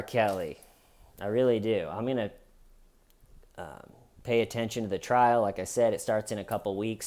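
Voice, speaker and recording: A man hosting a casual commentary show, talking in a sarcastic, mocking way. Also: mid-range voice. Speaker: host.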